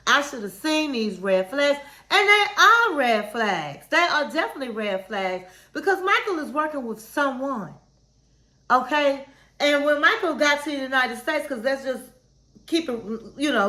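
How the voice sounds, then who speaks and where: Woman vlogger, high voice, candid chatty commentary, roomy echo. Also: animated, normal speed, bright, forceful tone. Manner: chatty, frank, calls viewers "honey". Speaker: reality TV recap vlogger.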